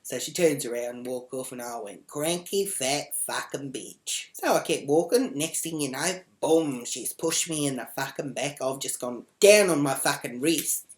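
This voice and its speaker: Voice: mid-range voice, moderate pace, few pauses, natural voice. A comedian playing a brash, foul-mouthed woman who rambles and swears bluntly in a comedic character vlog.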